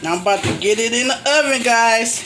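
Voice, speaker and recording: A woman's voice: a little high, fast talker, over music. An older woman hosting a home cooking show, chatting homily through each step as she cooks in her kitchen. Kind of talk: casual step-by-step cooking demo. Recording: kitchen clatter of pots and dishes. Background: cutlery and pots clanking.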